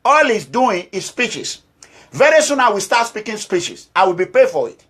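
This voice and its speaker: A Nigerian-accented man speaks in an unusually high, piercing voice. He is an activist leader giving a fiery political address, alternately scolding and pleading, and he hammers his points by repeating short phrases. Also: big pitch swings, moderate pace, a bit bright, breathy edge. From Nigeria, Edo State.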